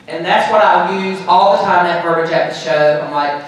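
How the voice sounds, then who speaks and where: A man giving a joking, animated sales talk to a conference audience. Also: sits high. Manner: animated, joking, quick asides and crowd banter. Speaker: conference speaker. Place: large conference hall. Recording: echoey hall, speaker far from mic.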